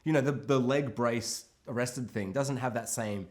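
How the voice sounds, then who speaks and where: A man co-hosting a film podcast, talking casually in an animated way and swearing a lot. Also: mid-range voice, moderate pace. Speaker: podcast co-host.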